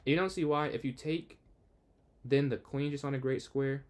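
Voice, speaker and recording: Young man thinking aloud over chess. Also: medium pitch. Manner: thinks aloud, quick asides to chat; excitable outbursts when the game turns. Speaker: chess streamer. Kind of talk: casual live game commentary.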